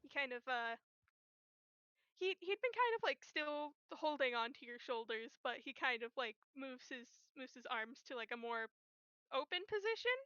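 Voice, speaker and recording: A woman's voice: high voice, very animated, normal speed, fairly bright tone, smooth, no room sound. A woman casually narrating her character in a tabletop role-play, rambling and correcting herself as she goes. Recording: dull lo-fi, dry.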